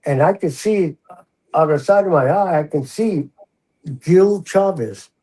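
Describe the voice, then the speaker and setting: A husky, mellow-toned older man tells his story as a guest in a relaxed interview. He talks in a slightly higher register and acts out the lines of the people in his story. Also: unhurried, rough recording. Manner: animated, acts out the quoted voices. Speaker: guest, retired prison officer. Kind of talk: casual storytelling in a podcast interview.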